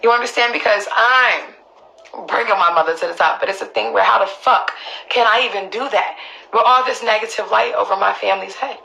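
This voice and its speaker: A woman's voice: mid-range voice, fairly quick, creaky, bright, forceful tone, a little hiss or hum, low-quality recording. A woman on a live stream, talking emotionally and emphatically, swearing and repeating herself for stress, often asking listeners if they understand. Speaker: livestreamer speaking up for her mother.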